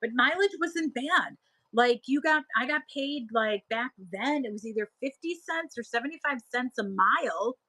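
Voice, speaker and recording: A woman's voice: sits high, expressive, normal speed, pushed and bright, rough recording. A woman in her thirties hosting a live selling stream, chatting casually and laughing as she answers viewers' comments.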